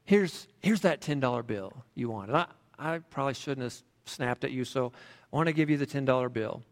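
A man's voice: medium pitch, moderate pace, close to an everyday voice. A man voicing a tired, irritated father who is impatient with his son. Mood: regretful. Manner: impatient, snappish. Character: tired, annoyed busy father. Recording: long hall reverb.

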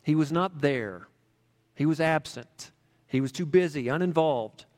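A man preaching a sermon in a relaxed, conversational way, telling stories with frequent fillers. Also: on the high side, unhurried. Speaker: pastor. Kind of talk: sermon with storytelling. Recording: long hall reverb.

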